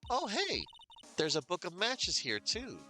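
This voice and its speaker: A man voicing an excitable young female sidekick in a high, squealing voice, while reading a game aloud. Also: a little slow, heavily acted. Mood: excited.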